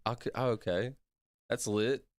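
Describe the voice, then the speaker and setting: A man's voice: mid-range voice, a little slow, no echo, studio quality. A man chatting casually on a livestream, rambling, laughing often and apologizing a lot to his chat. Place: at his computer streaming.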